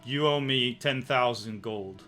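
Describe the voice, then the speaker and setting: A man's voice: medium pitch, unhurried, sharp tone, faint music behind. A man voicing a curt, disdainful woman cleric who swears and demands payment.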